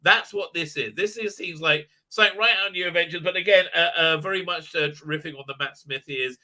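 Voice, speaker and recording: A man with a high, bright, sharply edged voice rambles through a casual episode review. He stumbles over fillers and restarts, and his tone stays dry and sarcastic. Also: fairly quick. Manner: mocking put-on voices for characters. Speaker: video reviewer.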